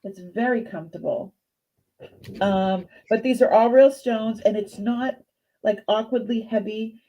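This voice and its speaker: A woman's voice: a little high, steady tone, measured pace, mellow. A woman in her fifties with a Boston accent, hosting a casual live jewelry sale, chatty and hesitant as she shows pieces and greets viewers. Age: 50s. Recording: dull lo-fi stream audio.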